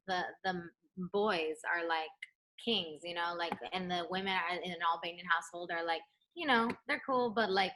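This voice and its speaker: A young adult woman, a pop singer, chatting in a remote interview from home, animated and laughing as she acts out the people in her stories. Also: lowish voice. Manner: animated storyteller, acts out quotes, laughs often. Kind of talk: casual interview chat. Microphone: home setup, remote interview.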